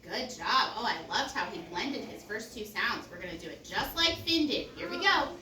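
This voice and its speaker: A woman's voice: mid-range voice, animated, normal speed, sharp tone. A woman teacher leading a phonics lesson for a young class, prompting in a sing-song way and praising often. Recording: echoey classroom, mic far off, noisy.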